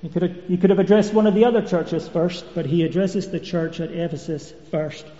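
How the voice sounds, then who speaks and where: A man preaching a sermon in a measured, expository way, with occasional fillers. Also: high voice, dark tone. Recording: dull echoey church hall recording.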